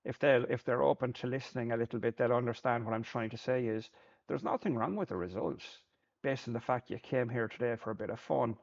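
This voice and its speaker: A man's voice: mid-range voice, a little fast, creaky, dull audio. A man, a Paralympic sport shooter, talking through his thoughts in a plain-spoken reflective monologue, often repeating words as he thinks.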